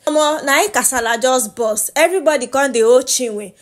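Young Nigerian woman, gossip vlogger, slightly high voice, lively and laughing, drops Pidgin asides. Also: a little fast, few pauses. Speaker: reality show gossip vlogger. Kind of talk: casual gossip recap.

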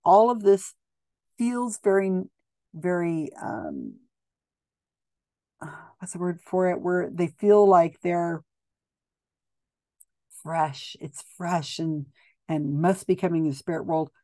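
A woman's voice: fairly low pitch, sing-song, takes it slowly, pauses often, warm tone, no echo, clean studio sound. Blunt skeptical woman commentator. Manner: skeptical, blunt, with frequent ums and restarts. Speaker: commentator reviewing psychic videos. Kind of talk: casual video commentary.

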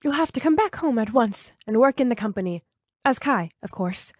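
A woman's voice: fairly high pitch, animated, normal speed, darkish tone, dry recording, clean studio sound. A woman voicing a scheming, determined mother who talks in an insistent, persuasive way.

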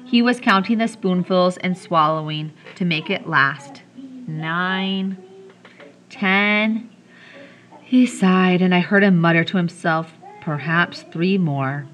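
Bright-toned woman reading a story. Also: on the low side, slow. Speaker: audiobook reader. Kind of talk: reading a children's novel aloud.

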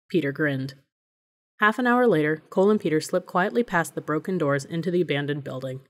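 Woman reading an audiobook, low voice. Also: lively intonation, fairly quick. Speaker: audiobook narrator. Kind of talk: scripted narration.

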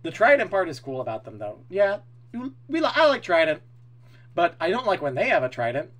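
An excitable male streamer gives loud opinions to his live chat, swearing casually. His voice sits high and swings all over the place. He talks in a quick, animated way.

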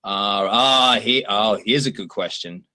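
A man hosting a livestream and answering viewer questions in a chatty, animated way, often laughing. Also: fairly low pitch, a little slow. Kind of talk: casual chat.

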